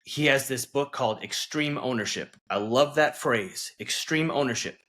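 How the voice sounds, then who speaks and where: Male coach, mid-range pitch, bright forceful tone, emphatic checking-in delivery. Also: moderate pace. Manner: emphatic, coaching, keeps checking in with "okay?" and "right?". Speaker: guest, relationship coach. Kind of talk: earnest interview talk.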